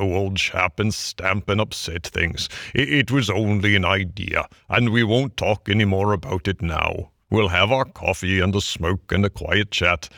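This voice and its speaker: Guy doing a humble pompous toad gent, low and quiet, hangdog. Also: gravelly, no echo, clean studio sound, exaggerated voice. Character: boastful humbled male toad, pompous gentleman.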